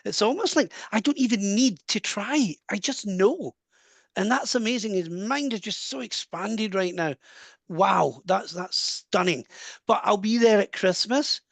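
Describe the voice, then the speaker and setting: A man's voice: high-pitched, animated, gravelly, no room sound. Scottish man giving a reading. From Scotland. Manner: warm, earnest, relays messages with quick asides and laughs. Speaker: medium. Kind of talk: live mediumship reading.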